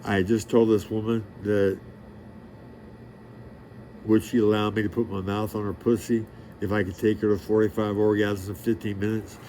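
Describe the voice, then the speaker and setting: A man's voice: on the low side, flat delivery, moderate pace, long pauses, warm tone, slight background noise. A middle-aged man in a rambling monologue, talking in a profane, boastful, streetwise way and losing track of his story. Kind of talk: rambling direct-to-camera monologue.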